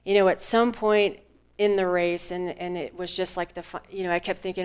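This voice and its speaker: Female racer guest, smooth clear tone, candid and loose. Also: fairly low pitch, flat delivery, a little fast. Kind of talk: casual chat.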